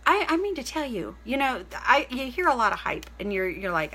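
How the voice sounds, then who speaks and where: A middle-aged woman, chatting casually to camera in a rambling, excited way, full of "like" and "literally" and greeting viewers by name. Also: fairly high pitch, fairly quick, husky. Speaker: vlogger.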